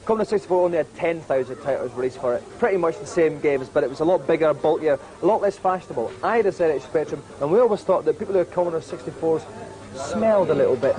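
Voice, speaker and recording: A man's voice: fairly high pitch, animated, quick pace, mellow. A man in his twenties from Britain, presenting old games with jokey, self-mocking nostalgia. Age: 20s. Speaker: guest presenter. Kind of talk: reminiscing presentation to camera. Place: retro games exhibition in a shop.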